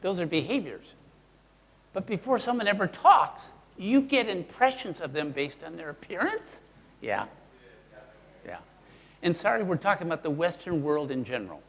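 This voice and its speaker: Animated high-pitched man teaching a seminar. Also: normal speed, pauses often, in a large hall. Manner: animated, playful, asks the audience questions. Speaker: workshop presenter. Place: seminar room with an audience.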